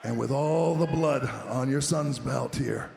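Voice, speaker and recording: A man cutting a menacing wrestling promo, taunting an opponent and speaking of himself in the third person, swinging from low growls to shouts. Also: measured pace, creaky. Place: large arena. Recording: roomy arena sound, faint crowd noise.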